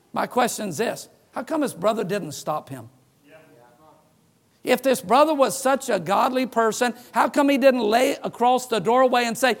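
A middle-aged man delivers a sermon as a pastor. His voice sits notably high for a man. He tells stories with animation and slips into the voices of the people he quotes. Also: measured pace. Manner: animated storyteller who acts out quoted voices.

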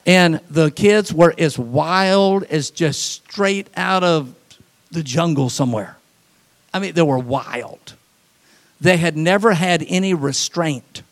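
A man preaching a sermon as pastor, folksy, with quick asides and acted-out voices. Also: on the high side.

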